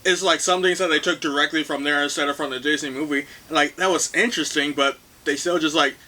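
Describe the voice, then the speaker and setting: A man's voice: on the high side, fairly even intonation, fast talker, bright, forceful tone. A young man co-hosting a casual movie review podcast, blunt and dry, with plenty of "like" fillers. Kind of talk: casual chat.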